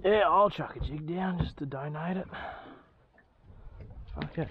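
Out at sea on a boat, this Australian fishing vlogger fires off excited, slangy jokes and exclamations. He speaks unhurriedly in a slightly high voice, and the audio is lo-fi and noisy from the outdoor setting.

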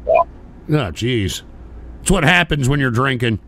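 A man hosting a live stream, loudly mocking and narrating what he sees on another streamer's feed. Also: mid-range voice, animated, unhurried. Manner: mocking, exclaiming, puts on a slurred British drawl. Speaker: streamer host. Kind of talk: excited live-stream commentary.

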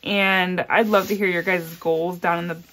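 Soft-spoken woman counting cash aloud. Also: steady tone, normal speed. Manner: counts bills aloud in a soft, low murmur; chatty and upbeat between counts. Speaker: budgeting vlogger. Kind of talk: casual cash-stuffing vlog.

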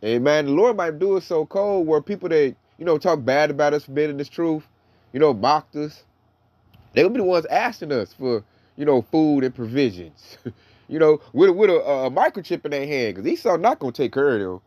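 A man's voice: a little high, lively intonation, a little fast, darkish tone, dry recording. Man preaching in loose street slang. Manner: loose slangy preaching, reads verses aloud. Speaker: Bible teacher. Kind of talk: casual sermon with scripture reading.

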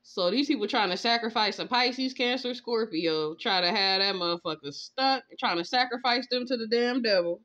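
A woman's voice: on the high side, moderate pace, few pauses, fairly bright tone, dull audio. A woman giving a casual tarot reading, ranting in disbelief with lots of cursing and bursts of laughter. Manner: profane, laughing, incredulous ranting. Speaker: tarot reader. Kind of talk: casual spiritual reading vlog.

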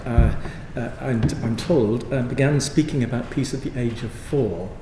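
A man giving a formal introduction as master of ceremonies, halting and self-deprecating. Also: medium pitch. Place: large formal room. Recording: echoey hall with background noise.

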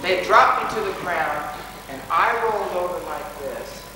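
A man's voice: on the high side, expressive, unhurried, music in the background. A man giving a dramatic personal storytelling talk to a school assembly, recorded from far off in a large hall. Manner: dramatic, rises to pleading shouts. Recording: distant echoey hall recording.

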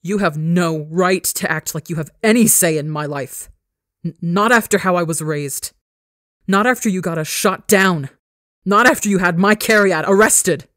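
A woman's voice: low-pitched, normal speed, no room sound, clean studio sound, close to an everyday voice. A woman voicing a furious scarred young rebel. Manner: yelling, snarling, profane.

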